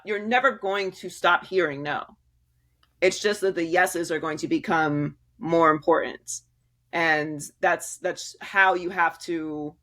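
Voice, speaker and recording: A woman's voice: lowish voice, fairly bright tone. A woman guest in an interview, speaking candidly and emphatically, laughing often and restarting her sentences. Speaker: sports media guest.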